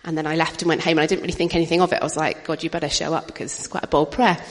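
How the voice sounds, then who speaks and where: A woman's voice: low-pitched, fairly even intonation, racing. A middle-aged woman giving an informal testimony talk at a church gathering, chatty and anecdotal, with frequent laughter. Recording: reverberant hall.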